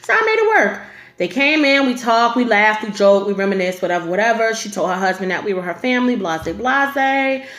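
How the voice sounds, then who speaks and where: A woman's voice: medium pitch, lively intonation, brisk, a bit bright, reverberant. A woman telling a story to camera in a casual storytime vlog, blunt and profane, with lots of filler.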